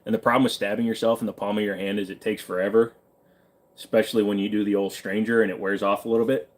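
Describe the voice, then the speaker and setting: A man's voice: lowish voice, little pitch movement, fast talker. A man from Virginia casually answering live chat questions, offhand and swearing freely, while sitting in a friend's pawn shop.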